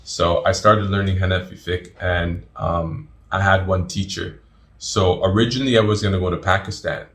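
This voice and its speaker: A middle-aged man, a guest in an interview, telling his story in an animated way and often repeating words. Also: low-pitched, moderate pace.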